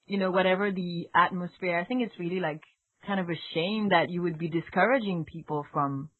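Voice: mid-range voice, fairly even intonation, brisk, no room sound. A non-native English speaker in a casual podcast chat, talking hesitantly with lots of fillers and restarts. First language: not English. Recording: dry tinny phone-like audio.

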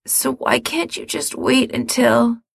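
A woman reading aloud, voicing a sick young man who rasps hoarsely and pleads in weak, half-whispered lines. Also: fairly high pitch, takes it slowly, no room sound, clean studio sound, pitched above the performer's own voice, full character voice. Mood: pleading. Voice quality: raspy, hoarse. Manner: weak, often near-whispered pleas.

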